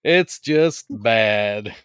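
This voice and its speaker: Male guest, slow, drawn-out, weary and dismissive, dry sound. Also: on the low side, animated, a bit bright, clean tone, no echo. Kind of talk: casual movie review chat.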